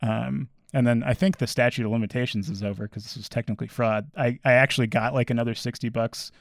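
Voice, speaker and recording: A man in casual chat, telling a long, rambling anecdote full of "like" and quick asides. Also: mid-range voice, steady tone, vocal fry, no room sound, clean studio sound. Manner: rambling anecdote with lots of "like" and laughs.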